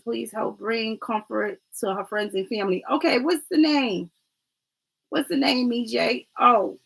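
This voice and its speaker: Gravelly bright-voiced woman on a live reading. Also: a little high, low-quality recording. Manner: chatty, repeats "right?" and "family"; stumbles over names, apologizes. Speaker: oracle card reader. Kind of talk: casual livestream reading.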